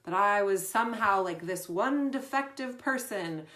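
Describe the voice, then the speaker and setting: A woman's voice: medium pitch, expressive, a little slow, a bit bright, roomy sound. A middle-aged woman coach giving casual advice in a chatty, conversational way. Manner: chatty, conversational, many fillers. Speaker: performance coach.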